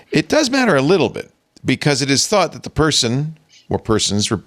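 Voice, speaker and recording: A man's voice: medium pitch, huge pitch swings, fairly quick, a bit bright. A man hosting a tech talk show, chatting playfully and reading bits aloud with theatrical flair. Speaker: host.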